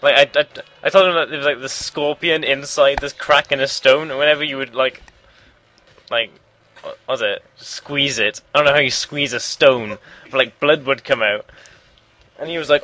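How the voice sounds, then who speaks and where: A young man telling childhood stories to friends in casual chat, often laughing and slipping into quick impressions. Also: medium pitch, fairly even intonation, pushed and bright, rough recording. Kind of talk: casual storytelling among friends.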